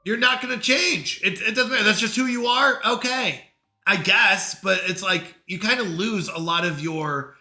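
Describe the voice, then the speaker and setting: A man's voice: sits high, normal speed, roomy sound. A man streaming and chatting casually with his live chat, acting out the people he quotes. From New York. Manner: animated, acts out quoted people.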